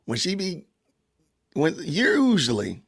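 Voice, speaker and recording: A man's voice: on the high side, huge pitch swings, takes it slowly, vocal fry, husky. A man with a Southern Georgia accent hosting a casual livestream podcast, chatting loosely with viewers and greeting the chat. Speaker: podcast host.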